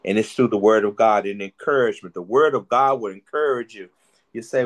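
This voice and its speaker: A man preaching a sermon, lively and preacherly, repeating phrases for emphasis. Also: lowish voice, a little fast.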